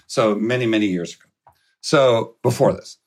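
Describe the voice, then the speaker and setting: A middle-aged man telling a long anecdote with lively energy, swearing and laughing as he goes. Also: lowish voice, normal speed. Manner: animated, swearing, laughing storyteller. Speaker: podcast guest. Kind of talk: storytelling anecdote.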